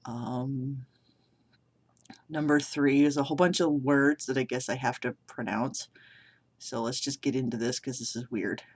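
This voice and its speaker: A young man from Massachusetts, his voice worn out, works through a casual accent challenge vlog. He talks slowly and hesitantly, pausing often on filler sounds. His tone stays self-deprecating throughout. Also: medium pitch, fairly even intonation, slightly rough. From Massachusetts, United States. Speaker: vlogger. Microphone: camera below the monitor.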